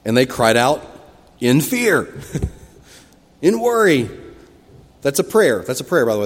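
A mid-pitched man preaches a sermon in a church, and his voice rings with a long hall reverb. He tells the story in a lively way and breaks into loud, high cries when he voices the people in it. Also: unhurried, pauses often. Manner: expressive storytelling, acting out quoted cries with sudden loud rises. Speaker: pastor. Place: church sanctuary.

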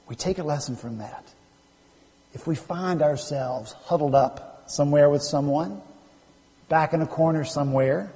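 A man preaching a sermon as a pastor, swinging between emphatic, raised lines and quiet, low asides. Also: big-room sound. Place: church sanctuary.

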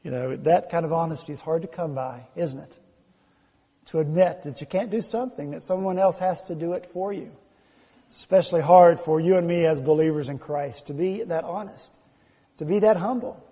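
A man preaches to his congregation in a high, slightly husky voice. He moves between reading scripture aloud and telling stories, and the sound carries a long reverb that fills the church hall. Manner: reads scripture aloud and tells anecdotes, prays quietly. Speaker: pastor. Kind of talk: sermon.

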